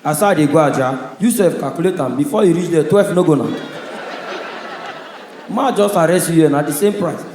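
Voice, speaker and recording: High-voiced Nigerian man doing stand-up. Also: fairly quick, pauses often, slight background noise. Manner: loud, punchy storytelling with audience laughter. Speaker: stand-up comedian. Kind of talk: stand-up comedy in Pidgin English. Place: stage in a large hall. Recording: echoey live hall sound.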